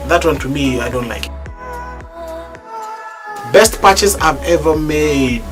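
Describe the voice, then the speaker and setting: A gospel singer from East Africa, a man, telling stories animatedly in an interview, bursting into loud exclaims when excited. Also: fairly high pitch, a little slow, over music.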